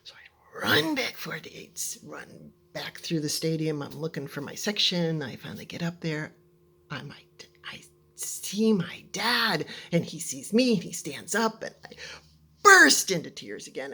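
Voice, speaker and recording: Husky woman telling a dramatic story. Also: low voice. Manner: animated and dramatic, drops into hushed near-whispers. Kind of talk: personal story told to an audience.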